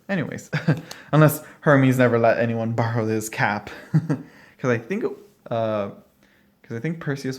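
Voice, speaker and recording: A man casually walking through a tarot deck at home, rambling and thinking aloud with many fillers and short laughs. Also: lowish voice. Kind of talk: casual walkthrough talk. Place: at home, dog barking nearby.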